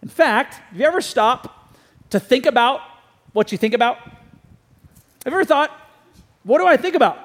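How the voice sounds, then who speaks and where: High-voiced, lively preaching man. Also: long reverb tail. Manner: animated storytelling, asks the listeners questions. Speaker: pastor. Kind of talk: sermon.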